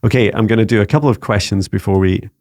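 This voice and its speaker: Speaking at a quick pace in a fairly low, slightly mellow voice, a Scottish man hosts a spiritual guidance channel as a psychic mentor. He wanders through ideas casually, searching aloud with frequent "you know" and "um."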